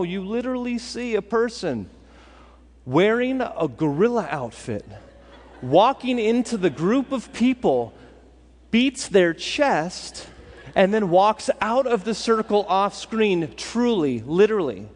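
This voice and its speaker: A man preaching a sermon as pastor, animated and acting out what his listeners think. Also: high-pitched, a little slow. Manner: animated, acts out listeners' thoughts. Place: church sanctuary. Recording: long hall reverb.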